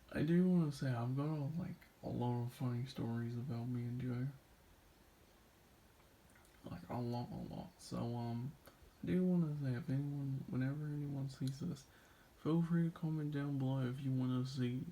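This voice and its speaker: A man's voice: mid-range voice, warm tone, slight background noise. A man telling casual, rambling stories about gaming with a friend, full of "like" and restarts. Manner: laughs between stories. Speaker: video creator reacting to a friend's clips. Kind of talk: casual storytelling.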